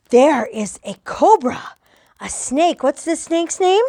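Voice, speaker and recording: High-voiced cheerful older woman teaching. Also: lively intonation, measured pace, darkish tone, dry recording, studio quality. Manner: cheerful, playful coaching voice. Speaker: children's yoga teacher. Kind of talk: guided kids' yoga lesson.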